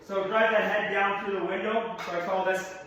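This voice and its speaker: A slightly hoarse man coaching through a workout, giving practical cues in a large gym. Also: high-pitched, flat delivery, normal speed, a bit bright, slight background noise. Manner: practical, coaching cues, talks to his son in asides. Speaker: strength coach. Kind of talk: instructional workout walkthrough. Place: large echoey gym, indoors. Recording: echoey gym from a distance.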